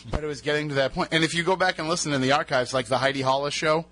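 Speaking rapid-fire with hardly any pauses, this radio host has a slightly high, a bit bright voice and a steady tone. He's a chatty, rambling storyteller in casual banter whose voice has just returned after being lost.

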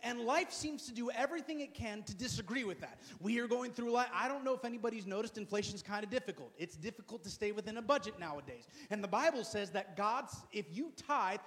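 Man, pastor, high voice, emphatic sermon, loud then hushed, long hall reverb.

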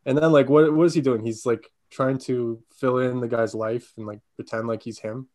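A man's voice: medium pitch, steady tone, normal speed, darkish tone. A man co-hosting a casual podcast, rambling with many fillers. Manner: loose, rambling with "like". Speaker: podcast co-host. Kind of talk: casual chat.

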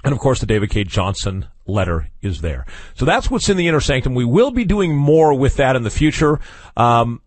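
A male radio talk show host with a mid-range voice that swings widely in pitch. He talks in a casual, wry and opinionated way, dropping in chuckles and asides. The studio sound is dry and close. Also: very animated, moderate pace, dry recording.

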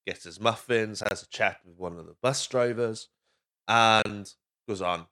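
Welsh male podcast host, low-pitched but sharp and forceful, loose sweary movie recap full of tangents. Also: measured pace. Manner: rambling, sweary, goes off on tangents.

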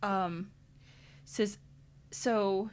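A woman's voice: medium pitch, steady tone, extremely slow, slight background noise. A married woman co-hosting a casual podcast chat, joking and chatty. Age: adult, married. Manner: chatty, jokey, puts on silly voices. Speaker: podcast co-host.

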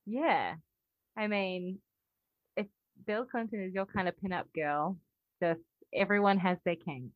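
A woman's voice: medium pitch, unhurried, phone-quality sound. An Australian woman in casual podcast chat, chatty and often laughing, trailing off mid-thought. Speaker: podcast co-host.

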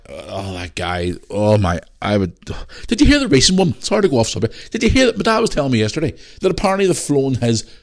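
A middle-aged man with a Northern Irish accent hosting his own podcast alone, ranting bluntly with lots of swearing and tired from a rough day. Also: medium pitch, a little mellow. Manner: blunt and sweary, rambling rants. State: tired, yawning. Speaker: podcast host. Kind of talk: casual solo podcast chat.

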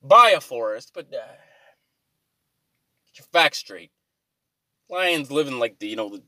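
A man's voice: medium pitch, a bit bright, no echo. A man rambling through an exasperated, profane comic rant to his viewers, swearing freely as he complains. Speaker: vlogger.

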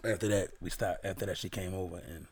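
A man's voice: sits low, steady tone, fast, husky. A young man from Baltimore, a podcast co-host, casually telling a profane story and reading old messages aloud.

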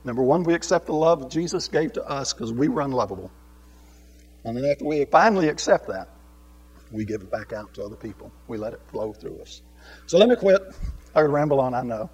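A man teaching a Bible lesson in sermon style, swinging between raised, emphatic preaching and quiet asides, with many rhetorical questions to his listeners. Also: medium pitch, lively intonation, a little fast, lo-fi sound.

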